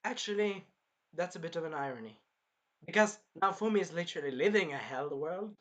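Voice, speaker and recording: A young man with a fairly high, fairly quick voice casually reacts to an anime episode. He rambles and swears, animated throughout, and sometimes acts out the characters.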